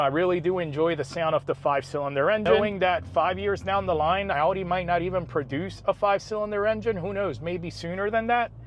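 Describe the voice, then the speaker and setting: A man in his thirties chatting casually about cars while driving, relaxed and rambling but enthusiastic. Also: sits high. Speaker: car vlogger. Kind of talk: casual driving vlog chat. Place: inside a car on the road. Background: car engine and road noise.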